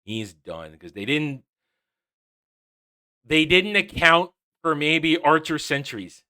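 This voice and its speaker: A man's voice: fairly high pitch, very animated, takes it slowly, bright, forceful tone. A man reviewing a TV episode, sarcastic and exasperated, recapping scenes with frequent restarts. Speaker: YouTube reviewer.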